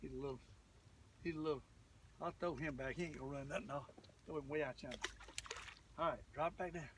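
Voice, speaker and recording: A man giving folksy, excitable running commentary to the camera while fishing from a boat on a lake. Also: a little high, a little fast, recorded from a distance, background noise. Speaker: fishing vlogger.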